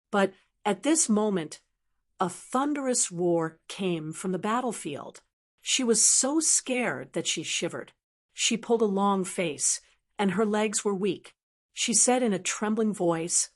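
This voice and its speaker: A woman's voice: medium pitch, animated, unhurried. Woman narrating an audiobook.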